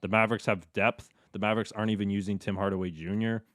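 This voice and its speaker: A man's voice: fairly low pitch, fast, no room sound, studio quality. A man, a sports broadcaster guest, chatting casually and rambling with frequent restarts. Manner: rambling, many restarts, breaks into animated mock quotes. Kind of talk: casual chat.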